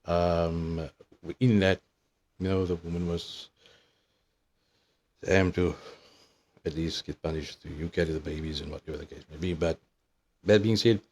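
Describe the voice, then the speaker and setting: A man in his thirties with a notably deep, low voice rambles through a loose, swear-filled retelling. His delivery is casual and meandering, full of asides and restarts. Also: steady tone, measured pace, long pauses, darkish tone. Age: 30s. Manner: profane, meandering storytelling. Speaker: vlogger.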